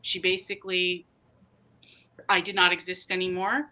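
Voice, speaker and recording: Jersey woman hosting a chill stream, low but bright voice, rambly stories. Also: little pitch movement, a little hiss or hum, rough recording. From New Jersey. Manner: chatty storyteller, quick asides and laughs. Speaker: livestream host. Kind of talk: casual chat.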